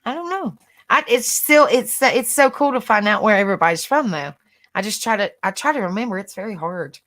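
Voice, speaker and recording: A woman's voice: medium pitch, animated, a little fast, a bit bright. A woman hosting a live stream, chatting casually with her panel, repeating herself and laughing easily.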